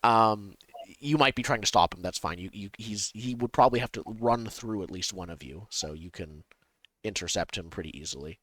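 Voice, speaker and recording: A young man narrating as game master of a tabletop game, talking in a halting way with many ums and restarts. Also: fairly low pitch, a bit bright, no echo.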